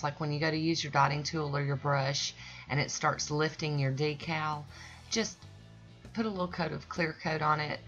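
Low voiced lady rambling thru a nail art tutorial, dull lo-fi audio, faint music behind. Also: a bit bright. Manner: rambling, folksy, loses her train of thought. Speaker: nail art channel host. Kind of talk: chatty tutorial voice-over.

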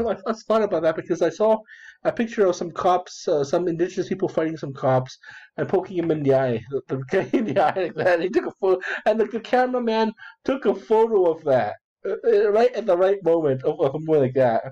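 A gamer narrates his online strategy game in a high-sitting, fairly quick, warm voice, rambling, repeating phrases, swearing and giggling. The casual commentary has a dull lo-fi sound.

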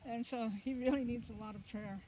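A woman in the congregation sharing a prayer request, halting and searching for words, away from the mic outdoors. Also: on the high side, fairly even intonation, mellow, slight background noise. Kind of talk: speaking from the congregation.

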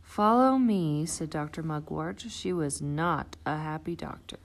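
A woman reading a children's picture book aloud, expressive and playing out the sound effects. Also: low voice, measured pace, creaky. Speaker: storybook reader.

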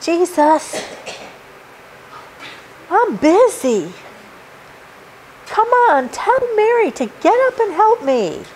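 A woman's voice: very high voice, very animated, drawn-out words, pauses often, darkish tone, slight background noise, pitched above the performer's own voice, full character voice, rough recording. A woman voicing a harried, busy woman who pleads in exasperation for help with the chores. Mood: exasperated.

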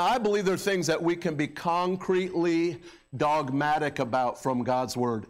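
High-voiced preaching pastor. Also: male voice. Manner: conversational preaching with fillers, mocks the crowd in raised voices. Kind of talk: sermon. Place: church sanctuary. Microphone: handheld or stand microphone.

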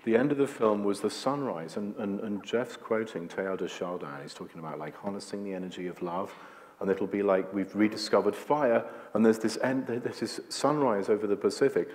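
A man's voice: on the low side, fairly quick, darkish tone. A man speaking as guest at an onstage talk before an audience, rambling and jokey, full of "like" and restarts. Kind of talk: onstage conversation before a screening. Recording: long hall reverb.

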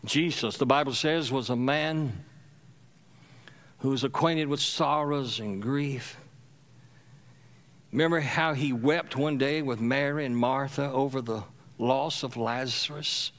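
In a church sanctuary, a middle-aged Louisiana pastor delivers an unhurried sermon, urging the congregation to answer him. His voice shifts from loud exhortation down to soft, low murmuring.

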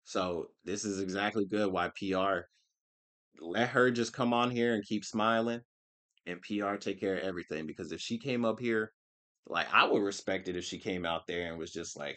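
A man's voice: sits low, brisk, a bit bright. A man giving casual, slangy reaction commentary with lots of swearing. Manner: slangy, emphatic, swears a lot. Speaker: reaction streamer.

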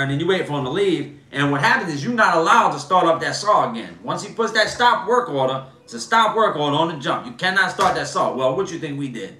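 Bright-voiced man telling stories. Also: on the high side. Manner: animated, slangy storyteller, lots of "bro" and "man". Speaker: host. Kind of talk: casual storytelling livestream. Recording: echoey room.

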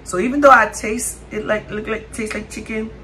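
A bright, forceful woman talks straight to her viewers in a casual mukbang. She is chatty and dramatic and keeps calling them y'all, with a faint hiss of noise behind her. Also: mid-range voice, steady tone, moderate pace. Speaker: food vlogger.

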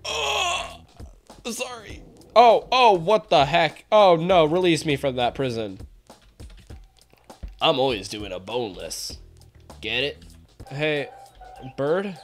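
A woman's voice: low-pitched, expressive, slow pace, pauses often, faint music behind. A woman giving casual, goofy, self-mocking commentary while playing a game. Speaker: gaming video creator. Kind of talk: casual let's-play commentary. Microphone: headphones.

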